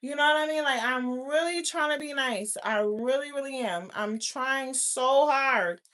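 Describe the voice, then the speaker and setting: A woman's voice: sits high, measured pace, fairly bright tone. A woman vlogger, ranting bluntly to her viewers with lots of cursing and scolding. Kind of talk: casual rant to camera.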